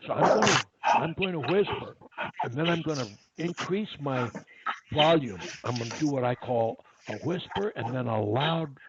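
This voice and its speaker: A man coaching a family on stuttering, patiently talking and showing different voices, loud to soft. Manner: patient, demonstrates voice changes, lively swings in pitch. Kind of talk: coaching lesson with demonstrations. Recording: dull lo-fi sound with loud hiss.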